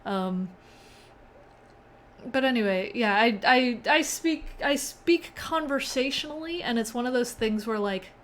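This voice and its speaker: A woman's voice: a little high, lively intonation, unhurried, a little hiss or hum. A young woman hosting a casual live-coding stream, chatting with viewers and often laughing. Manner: chatty, reads chat aloud, laughs often.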